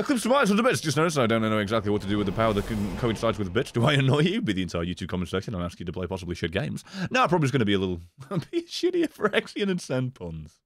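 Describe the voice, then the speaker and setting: A man's voice: mid-range voice, a bit bright, no room sound. A man streaming gameplay in casual commentary, swearing often, joking and laughing.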